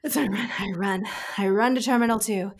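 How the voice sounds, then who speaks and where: A woman with a mid-range voice recounting a story in a casual chat. She talks in a breathless, animated rush, piling on fillers and restarts as she goes. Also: mid-range voice, fast, a little hiss or hum. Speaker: casting director, guest. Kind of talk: casual anecdote telling.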